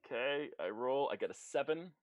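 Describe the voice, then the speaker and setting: A man narrating as game master in an online tabletop game, animated and quick to put on voices. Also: medium pitch, dry recording.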